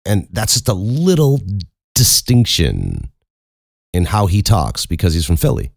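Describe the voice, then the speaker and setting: A man with a Chicago accent and a strikingly deep, low voice hosts a podcast. He talks candidly and casually and stumbles over restarts as he thinks aloud. The sound is dry and close-miked, with no room echo. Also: wildly swooping pitch, a little slow, gravelly. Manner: candid, conversational, with frequent restarts. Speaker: podcast host and voice actor. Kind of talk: casual advice talk.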